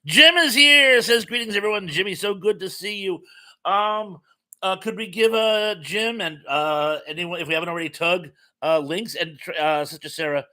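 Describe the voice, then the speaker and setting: A man's voice: high voice, fairly even intonation, moderate pace, sharp tone. A middle-aged man from Massachusetts hosting a casual live chat, reading viewers' comments aloud and adding jokey asides. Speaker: livestream host.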